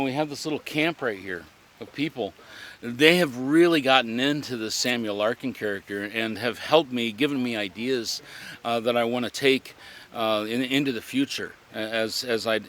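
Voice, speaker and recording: A man, a living history reenactor, talking in a reflective interview in an earnest, halting way as he searches for words. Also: medium pitch, fairly bright tone.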